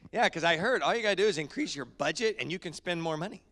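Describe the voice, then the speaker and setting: A man leading a casual church welcome, joking and chatting in an easy, unhurried way. He sounds like a down-to-earth pastor speaking to his own congregation in the sanctuary. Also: on the high side, animated, fairly bright tone.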